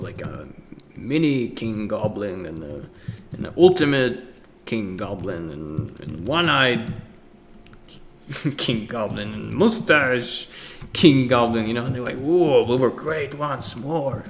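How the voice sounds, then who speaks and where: A man's voice: fairly low pitch, lively intonation, unhurried, a little hiss or hum. A young man giving a casual art lecture, talking loosely with many fillers and breaking into acted voices and sound effects.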